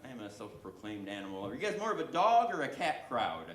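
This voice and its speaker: Talking fast and with lots of animation, this medium-pitched comic works a club crowd, poking fun at himself as he goes. His set is captured in a reverberant room where a faint background hum lingers.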